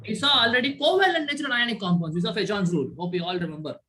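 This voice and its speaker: Male teacher on a video call, bright, forward voice, constant "right?" checks while lecturing. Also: high voice, rapid-fire. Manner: quizzes students, frequent "right?" tag questions. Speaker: chemistry teacher. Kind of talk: online class lecture.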